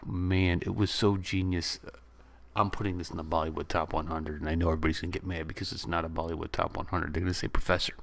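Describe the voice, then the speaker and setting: A man with a very deep voice talks through a movie he loves, rambling and excited as he retells the scenes. He keeps slipping into quick acted-out lines from the characters. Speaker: movie reviewer. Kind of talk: casual movie review.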